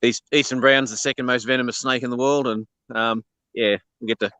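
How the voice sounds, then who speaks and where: A man with an Australian accent chatting as a guest on a video call, relaxed with many fillers. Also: medium pitch, a little fast, no room sound. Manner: relaxed, rambling, hesitant fillers. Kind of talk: casual chat.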